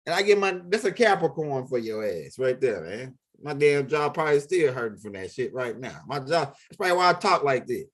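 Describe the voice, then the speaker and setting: A man's voice: mid-range voice, animated, brisk, hardly any pauses. A man telling a story in a casual monologue, rambling, profane and full of repeats and restarts. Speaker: vlog host telling stories.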